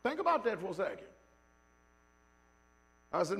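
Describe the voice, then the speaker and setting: A man preaching in a church sanctuary. His voice sits high and he tells stories with fiery, shouted peaks, then drops into casual, joking asides to the people in the pews. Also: big pitch swings, moderate pace, creaky. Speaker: pastor. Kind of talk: sermon.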